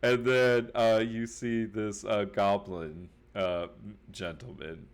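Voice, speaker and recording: A man narrating as game master of a tabletop game, setting scenes in a relaxed, amused way. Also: on the low side, slow pace.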